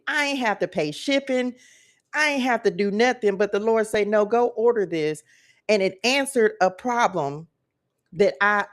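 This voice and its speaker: A woman, hosting a casual faith livestream from her phone and talking straight to her viewers in a chatty, emphatic way. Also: medium pitch. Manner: chatty, emphatic, repeats phrases and addresses viewers as y'all. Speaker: host. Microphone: phone camera.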